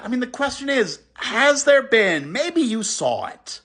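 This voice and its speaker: A man talks through a response commentary in a high, bright voice. His pitch swings widely, and he is emphatic and earnest, doubling back on his words as he pushes his point. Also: a little slow. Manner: animated and emphatic, with restarts; earnest, critical. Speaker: video commentator.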